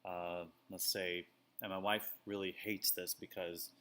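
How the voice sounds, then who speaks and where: A man's voice: low-pitched, level tone, a little slow, pushed and bright. A man co-hosting a casual talk show, rambling and self-deprecating with lots of fillers. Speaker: podcast co-host. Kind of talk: casual chat.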